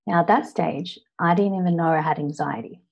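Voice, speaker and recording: An Australian woman in her thirties tells her own story to an audience in an earnest speech. Her voice sits a little low, and she often stops on "now" before moving the story on. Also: a little fast, creaky, highs cut off. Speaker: public speaker.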